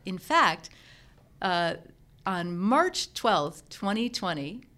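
A woman's voice: medium pitch, very slow. A middle-aged woman, a guest on an interview show, telling her business story casually and acting out the conversations she remembers. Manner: lively storyteller who acts out remembered dialogue. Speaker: guest, professional organizer turned entrepreneur.

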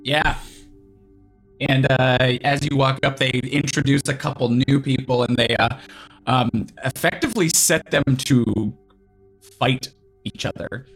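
A man's voice: medium pitch, fairly even intonation, unhurried, gravelly, breathy edge, faint music behind. A man running a tabletop game, describing the scene in a loose, rambling way with many fillers. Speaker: game master.

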